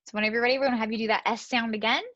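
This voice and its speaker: Higher-voiced woman as a gentle, encouraging speech clinician, over dry, dull video-call audio. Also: steady tone, racing, no echo. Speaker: student speech-language clinician. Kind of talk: clinical exam instructions.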